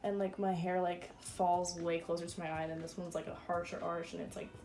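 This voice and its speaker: A woman's voice: lowish voice, little pitch movement, brisk, mellow, slight background noise. A woman in her twenties chatting casually and crudely through her makeup routine at home, with a lot of "like". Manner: chatty, crude, fillers of "like" everywhere. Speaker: beauty vlogger. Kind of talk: casual get-ready-with-me chat. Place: room at home.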